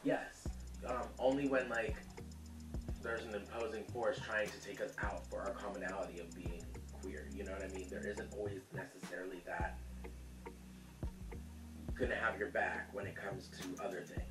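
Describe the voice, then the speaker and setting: A man's voice: sits low, little pitch movement, moderate pace, reverberant, recorded from a distance, over music. A man hosting a casual cooking vlog, chatty and sassy, who calls viewers honey and laughs easily.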